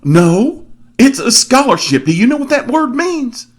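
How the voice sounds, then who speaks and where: A man putting on the voice of a kindly male financial aid officer with a Southern accent, speaking high and with emphasis as if explaining patiently. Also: very animated, a little slow, exaggerated voice. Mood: insistent.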